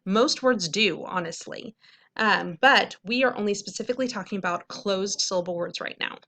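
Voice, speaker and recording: A woman's voice: medium pitch, normal speed, a bit bright. A young woman teacher patiently explaining a reading lesson to middle schoolers, checking in often. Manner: clear, patient explaining with frequent "okay?" checks.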